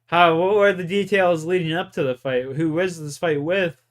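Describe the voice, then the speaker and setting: A man's voice: high voice, steady tone, moderate pace. Profane young man telling stories. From Canada. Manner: profane, rambling, laughing. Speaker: gaming streamer. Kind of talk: casual storytelling.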